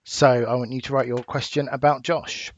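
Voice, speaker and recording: A man with an English accent, a teacher giving a recorded lesson, explaining patiently and clearly with small fillers. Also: medium pitch, flat delivery, moderate pace, no room sound. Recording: dull dry home recording.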